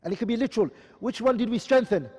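Male teacher, high voice, lectures and quizzes students, reverberant hall sound. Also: quick pace, darkish tone. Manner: explains terms and keeps asking the class questions. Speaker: Islamic studies teacher. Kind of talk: classroom lecture.

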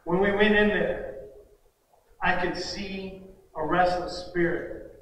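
A man's voice: sits high, fairly even intonation, slow pace. Impassioned preacher man in an echoey hall. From United States. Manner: impassioned, shouting at peaks, blunt. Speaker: pastor. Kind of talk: sermon. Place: church sanctuary. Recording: echoey church hall, mic far off, faint noise.

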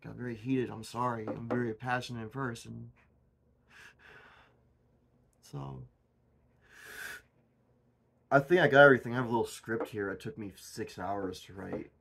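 A man hosting his own channel in a goofy, erratic comedic monologue, swinging from loud outbursts to mumbled asides. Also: mid-range voice, fairly even intonation, moderate pace, vocal fry, slight background noise. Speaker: channel host.

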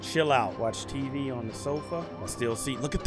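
Excitable man doing game commentary. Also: mid-range voice, normal speed. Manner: excitable, reads game prompts aloud, yelps and whines at the game. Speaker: gaming YouTuber. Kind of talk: casual let's-play commentary. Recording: gameplay commentary over loud game music.

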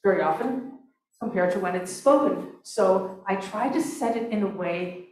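A woman's voice: medium pitch, moderate pace, darkish tone. A woman composer giving a talk about her opera, chatty and full of restarts and fillers. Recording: echoey hall, mic from far off.

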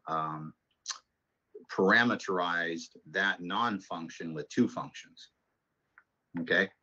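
A man's voice: sits low, bright, forceful tone, dull audio. A man teaching a math class, telling rambling stories and then explaining the lesson in a casual way. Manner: rambling anecdotal storytelling. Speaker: math instructor. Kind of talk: casual classroom talk and lecture.

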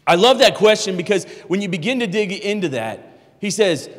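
Man preacher, casual explaining sermon style, fairly high voice, long reverb of a church hall. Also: expressive, moderate pace. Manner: conversational, explaining scripture with repeated restarts. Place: church sanctuary.

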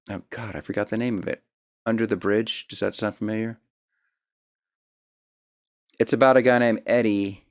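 A man's voice: lowish voice, smooth. A man hosting a casual interview, rambling and self-deprecating, full of fillers and restarts. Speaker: host.

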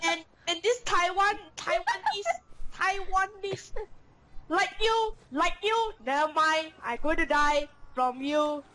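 A woman, chatting excitably while gaming, shrieking and giggling. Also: very high voice, measured pace, few pauses, slight background noise, low-quality recording. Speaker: gamer. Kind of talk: casual gaming chat.

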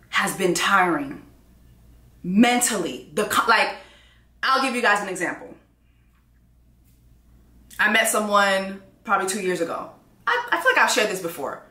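A woman in her thirties hosts a casual vlog, talking straight to her viewers. Her voice is bright and fairly high, and she acts out both sides of a dating exchange as she tells it. The room around her is echoey. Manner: animated storytelling, acts out quoted exchanges. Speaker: host.

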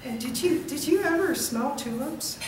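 A woman poet giving a reading in a gallery wine bar, reciting slowly and chatting loosely between poems. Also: high voice, animated. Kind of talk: poetry reading with chatty asides. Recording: echoey room from far off with noise.

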